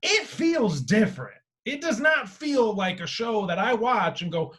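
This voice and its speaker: Man, podcast host, animated, swears a lot, fairly high voice. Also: unhurried, few pauses. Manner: animated, swears freely, swings loud and quiet. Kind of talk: casual podcast chat.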